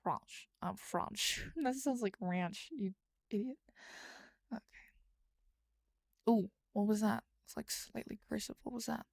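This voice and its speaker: A woman's voice: a little high, unhurried, vocal fry, long pauses, mellow, no echo. A young woman streaming as she writes, chatting casually and rambling, often dropping to a mumble or whisper as she types. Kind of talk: casual live-stream chat while writing.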